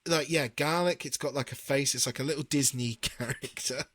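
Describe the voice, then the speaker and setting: A man's voice: medium pitch, moderate pace, a bit bright, no room sound. A British man co-hosting a casual podcast, chatty and often laughing as he reads out facts. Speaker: podcast co-host. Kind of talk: casual chat.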